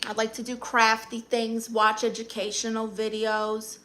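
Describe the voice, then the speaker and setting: A woman's voice: a little high, completely flat delivery, a little slow, pushed and bright, slight background noise. A woman with a Brooklyn accent, chatting casually on a live stream and reading out viewer comments in a sassy, brash way. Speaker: livestreamer.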